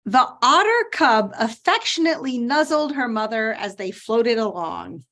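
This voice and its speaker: A woman acting as spelling bee pronouncer, enunciating each word slowly and clearly over a video call. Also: fairly high pitch, lively intonation, fairly bright tone. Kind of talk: reading words and sentences aloud.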